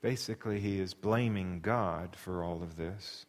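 A man preaching a sermon in an expressive way, asking his listeners questions. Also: low-pitched, measured pace, big-room sound. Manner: expressive, shifts into dramatic readings.

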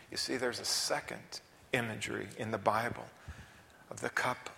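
A man preaching a sermon in a church, dramatic, dropping to whispers and rising to loud emphasis. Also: fairly low pitch, steady tone, normal speed, gravelly, slight background noise. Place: church sanctuary. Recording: long reverb of a large hall.

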